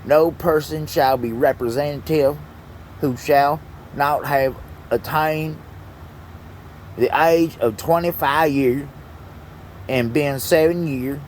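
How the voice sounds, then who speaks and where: A man reading aloud slowly and haltingly, then breaking off into heated, profane ranting. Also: on the high side, a little mellow, slight background noise. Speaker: vlogger. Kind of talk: angry profane rant.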